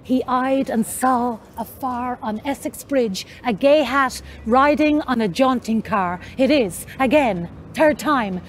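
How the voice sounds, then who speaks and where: High-voiced woman narrating slowly. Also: slight background noise. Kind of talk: literary introduction and reading.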